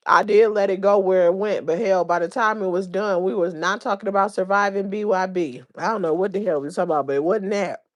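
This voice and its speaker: A woman's voice: mid-range voice, fairly even intonation, fast talker, hardly any pauses, highs cut off. A woman hosting a casual livestream, chatting and reading viewers' comments aloud, laughing often. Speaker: livestream host.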